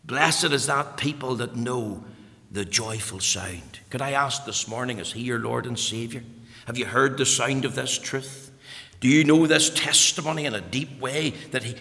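A man preaching a sermon, swinging between loud, fervent exclamations and hushed asides. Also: medium pitch, long reverb tail. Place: church.

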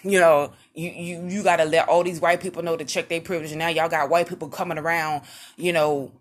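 Rambling, low-voiced woman telling stories. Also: fairly quick. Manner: rambling, conversational, loses her track and restarts; animated, acts out what others said. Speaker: vlogger. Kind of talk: casual personal storytelling to camera.

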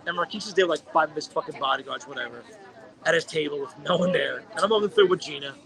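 A high-pitched man spins a story in loose podcast banter. He is animated and foul-mouthed, jumping into quick impressions of the people in it. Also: creaky, a crowd in the background, low-quality recording. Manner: animated, profane storytelling with acted-out quotes. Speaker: podcast co-host. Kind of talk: casual storytelling chat.

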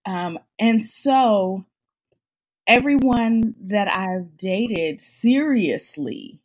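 A woman's voice: medium pitch, animated, very slow, a little mellow. A woman co-hosting a casual podcast. She is easygoing and laughs often as she reads letters aloud. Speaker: podcast co-host. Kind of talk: casual chat.

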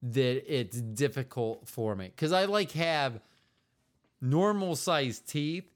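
A man's voice: mid-range voice, expressive, takes it slowly. A man co-hosting a podcast, chatting casually with his partner in a rambling, joking, self-deprecating way. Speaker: podcast co-host.

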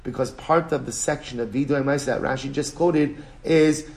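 A rabbi gives a Talmud class in a mid-pitched man's voice. He talks with energy and stresses points by repeating them. His English is full of Hebrew and Aramaic terms. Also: moderate pace, gravelly. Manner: animated, emphatic, repeats phrases, switches between English and Hebrew-Aramaic terms. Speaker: rabbi teaching daily Talmud page. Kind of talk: Talmud lecture.

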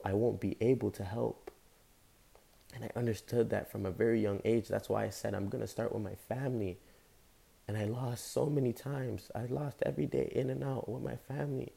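A man's voice: fairly low pitch, fairly even intonation, normal speed, gravelly, warm tone, breathy edge. A young man giving an impassioned, rambling motivational monologue as a show host, talking casually with slang. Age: young adult. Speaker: podcast host.

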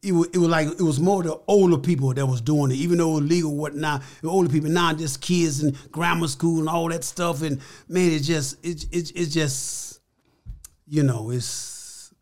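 A slightly high, darkish voice at a moderate pace belongs to an older man being interviewed on a podcast. He tells stories in a casual, folksy, emphatic manner, often repeating phrases.

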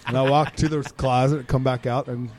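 A man's voice: mid-range voice, steady tone, normal speed. A man, a guest wrestler, bragging and joking crudely in casual chat at a busy alehouse bar. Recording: loud bar crowd behind. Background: crowd chatter.

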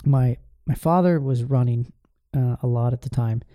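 A man in his forties, a podcast host, candidly telling an emotional personal story about his family, halting and restarting as he goes. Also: medium pitch, dark tone, no room sound, clean studio sound.

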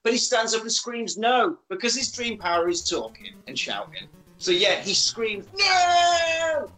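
A man with a high, bright voice recaps a film in a casual, comic way. He talks animatedly and swears freely. He keeps slipping into silly voices for the characters, over a bed of faint music. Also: moderate pace, poor audio. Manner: animated, sweary, acts out lines in funny voices. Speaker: podcast host recapping a film.

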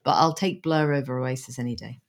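A woman's voice: extremely low pitch, a little fast. A woman co-hosting a casual chat, blunt and teasing, laughing often. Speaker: podcast co-host.

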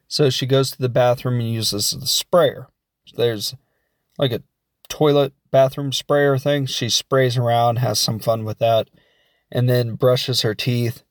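A man talking through a movie recap in a loose, rambling way, tossing in jokey asides as he goes. His voice sits at an ordinary middle pitch. It is recorded close and dry, with no room sound around it. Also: fairly even intonation, a little slow, dry recording. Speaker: film reviewer. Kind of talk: casual spoken film recap.

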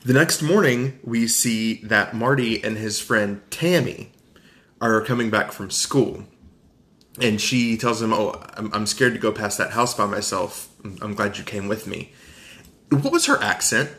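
A man with a Southern US accent recapping a film in casual podcast chat, animated and jokey. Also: lowish voice, measured pace. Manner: animated, jokey, acts out quotes. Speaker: podcast co-host.

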